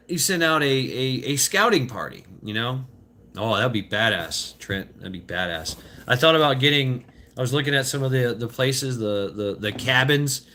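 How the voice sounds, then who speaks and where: A man's voice: mid-range voice, bright, forceful tone, slight background noise. A man in his fifties rambling casually while out on a walk, loose and profane, stopping and restarting often as he answers viewer chat. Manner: loose, profane, halting with many fillers and restarts. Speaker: vlogger reading viewer chat. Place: outdoors on a walk.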